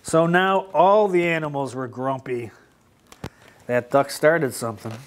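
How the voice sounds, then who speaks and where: A man reads a picture book to young children in a library, his pitch rising and falling with lively expression. He stops now and then to ask the children questions. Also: a little slow. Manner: animated, asks children questions. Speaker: mayor reading to children. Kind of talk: children's storytime read-aloud.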